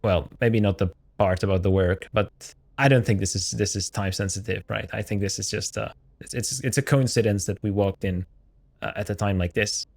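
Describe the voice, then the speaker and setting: A man hosting a let's play of a role-playing game, reading the game's text and thinking out loud in a casual, jokey way, often stopping to correct himself. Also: on the low side, fairly even intonation, normal speed, creaky. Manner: musing aloud, jokey and self-correcting. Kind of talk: casual gameplay commentary.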